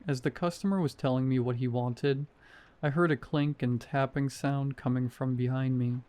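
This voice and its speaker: Mellow-voiced man reading a horror story. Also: medium pitch, fairly even intonation, moderate pace. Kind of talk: scripted narration.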